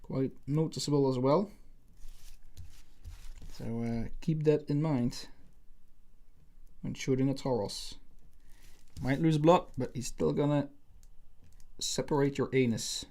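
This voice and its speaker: A man hosts a laid-back livestream, talking to his viewers while he draws. His voice is mellow and warm, with mid-range pitch. He rambles and jokes crudely into a desk microphone. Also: slow, pauses often. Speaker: livestream host. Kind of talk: casual livestream chat while drawing.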